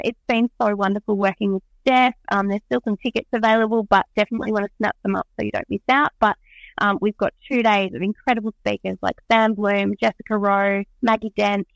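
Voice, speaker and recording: A woman's voice: medium pitch, no echo, muffled recording. A woman being interviewed as an event organiser, chatting in an upbeat, enthusiastic way with lots of "um"s. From Australia. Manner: bubbly, enthusiastic, many "um"s. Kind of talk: casual interview chat.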